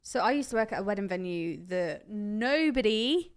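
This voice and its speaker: A woman's voice: mid-range voice, expressive, moderate pace, smooth. A woman co-hosting a podcast in casual chat, laid-back and offhand. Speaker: podcast co-host.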